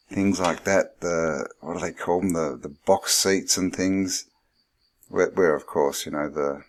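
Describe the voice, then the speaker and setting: A man hosting his channel, rambling through commentary on old photographs and thinking aloud with lots of fillers. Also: low voice. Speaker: channel host.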